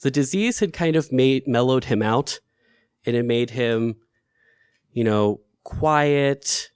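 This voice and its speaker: A man with a mid-range voice tells a personal story in an earnest, emotional way. His pitch climbs sharply in the upset moments. The sound is dry, with no room echo. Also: takes it slowly, smooth.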